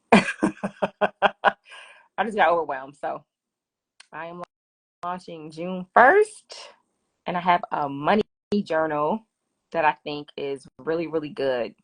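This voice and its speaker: A woman's voice: low-pitched, slow, long pauses. A woman hosting a casual live finance Q&A from her phone, chatty and laughing often. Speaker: finance livestream host.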